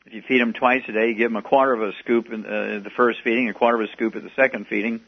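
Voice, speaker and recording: A man's voice: on the low side, flat delivery, rapid-fire, creaky. A man hosting a call-in health radio show, giving rambling, folksy advice and plugging products, with many fillers. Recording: muffled radio broadcast.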